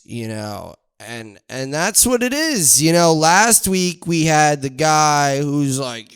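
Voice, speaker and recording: Slow, smooth-voiced man rambling playfully. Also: fairly high pitch, expressive. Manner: playful, exaggerated storytelling with frequent asides. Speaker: podcast host. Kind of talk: casual rambling monologue.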